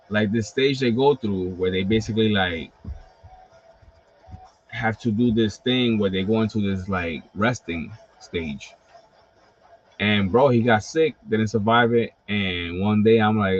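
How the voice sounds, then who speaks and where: A man hosting a livestream, talking casually in an animated, profane storytelling style full of fillers. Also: lowish voice, measured pace, long pauses. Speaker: host of a wrestling collectibles livestream. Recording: slightly dull lo-fi stream audio.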